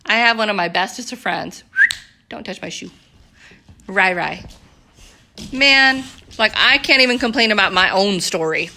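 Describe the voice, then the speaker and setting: A young woman talking casually to her viewers in an excitable, chatty way, full of "like" and "you guys". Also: mid-range voice, normal speed, background noise. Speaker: network marketing vlogger. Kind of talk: casual direct-to-camera pitch.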